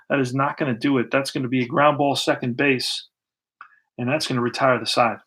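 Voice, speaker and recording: A man with a gravelly, fry-tinged voice calls the action of a dice-driven baseball game as its host. He keeps it relaxed and conversational, talking through each roll and card as he goes. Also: medium pitch. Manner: relaxed, thinks aloud while rolling dice and pulling cards. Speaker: host narrating a tabletop baseball replay. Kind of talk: casual play-by-play of a dice game.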